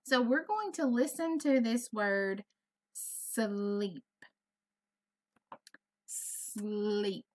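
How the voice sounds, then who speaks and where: Southern US woman, early-grades teacher, slow and deliberate, sounds words out for kids. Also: high-pitched, very animated. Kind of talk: virtual classroom lesson.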